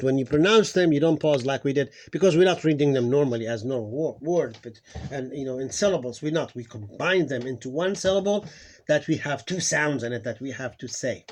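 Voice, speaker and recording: Higher-voiced man teaching sounds. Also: darkish tone. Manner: rambling, self-correcting, repeats sounds slowly. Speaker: Arabic phonics teacher. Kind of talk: unscripted lesson, thinking aloud.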